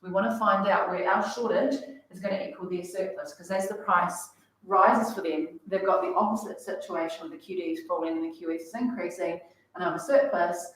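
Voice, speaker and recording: A woman explaining economics to a class in a casual, chatty way, full of fillers. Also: lowish voice. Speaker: economics teacher. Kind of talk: classroom lecture. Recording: echoey room, voice from far off.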